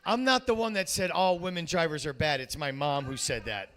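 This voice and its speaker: A man's voice: on the high side, a little fast, a bit bright. A man hosting a stand-up comedy show, rambling and cracking wise, often cutting himself off mid-sentence. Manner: rambling, self-interrupting wisecracks. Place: comedy club stage.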